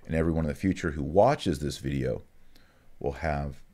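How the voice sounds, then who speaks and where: Low-voiced male teacher, casual online lesson, slow careful Latin enunciation with conversational asides. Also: a little mellow. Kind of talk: casual online lesson, reading and explaining prayers.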